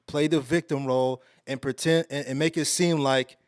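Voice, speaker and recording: Animated man telling a story, dry sound. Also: normal speed, clear, resonant tone, no echo. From Alief, Houston, Texas. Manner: animated, slangy, getting louder and higher as the story builds. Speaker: podcast guest. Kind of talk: casual storytelling.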